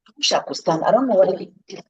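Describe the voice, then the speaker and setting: A woman's voice: medium pitch, lively intonation, rapid-fire, breathy edge, no echo, muffled recording. A woman coaching public speaking in a live online lesson, stressing and repeating her key words. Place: indoors, seated.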